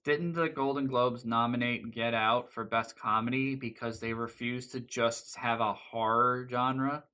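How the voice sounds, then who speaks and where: A man co-hosting a podcast, talking casually and ranting in an animated way. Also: medium pitch, measured pace, clean tone. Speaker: podcast co-host. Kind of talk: casual chat.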